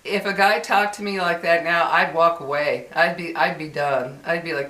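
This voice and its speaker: Woman vlogger, chatty and exasperated, bright voice, echoey room. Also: fairly low pitch, steady tone, normal speed, hardly any pauses. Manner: chatty, exasperated, many fillers and restarts. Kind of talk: casual venting monologue.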